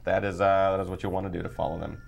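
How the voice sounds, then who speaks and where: A man's voice: deep voice, steady tone, very fast, vocal fry, a little hiss or hum. A young man hosting a casual web talk show, upbeat and joking with his guests. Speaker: host.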